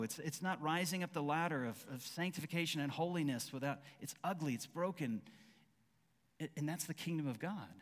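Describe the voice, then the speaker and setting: Man preaching in an echoing hall. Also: on the high side. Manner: conversational preaching, acting out quoted dialogue, frequent restarts. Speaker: pastor. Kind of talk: sermon.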